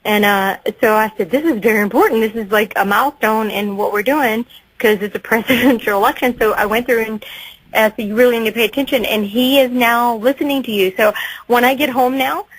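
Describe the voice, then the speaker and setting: Thankful mom phoning a radio show, kinda high voice, rambles, dry. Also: female voice, a little fast, breathy edge, no echo, poor audio. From Texas. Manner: earnest, grateful, rambling with restarts. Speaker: radio caller. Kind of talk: phone-in call.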